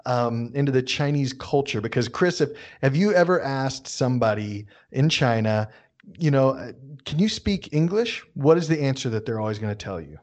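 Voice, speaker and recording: Male co-host, mid-pitch, friendly explainer with self-mocking humor. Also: moderate pace, darkish tone. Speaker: podcast co-host teaching Chinese. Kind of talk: casual chat.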